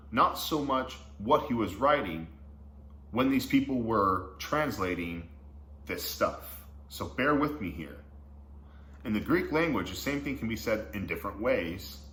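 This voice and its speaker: A man with a fairly low voice leads a casual Bible study, reading verses and then unpacking them in slangy, enthusiastic asides. The recording is roomy and echoey, with a faint hum of noise underneath. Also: fairly bright tone. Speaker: Bible teacher.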